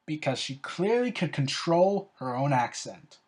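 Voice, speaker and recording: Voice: medium pitch, sing-song, measured pace, a little mellow. A show host giving a casual spoken review, rambling and opinionated, with frequent "like" fillers and sarcastic, ranting asides.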